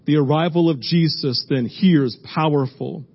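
A man's voice: a little high, moderate pace, muffled recording. A man preaching a sermon as pastor, emphatic and repetitive, driving his points home with repeated phrases.

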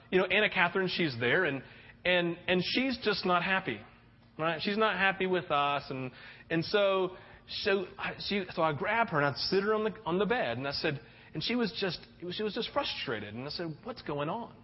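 A male pastor preaching, telling stories in an animated way and often restarting his sentences. His voice sits high for a man, and the recording is dull and lo-fi. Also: long reverb tail. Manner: animated storytelling with frequent restarts. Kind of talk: sermon. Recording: muffled lo-fi recording.

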